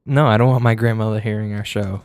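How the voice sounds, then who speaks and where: A man with a low, smooth voice, co-hosting a casual podcast. He swears freely and teases his co-host. The recording is dry and close-miked. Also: steady tone, fast, no room sound. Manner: crude, teasing banter. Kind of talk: casual chat.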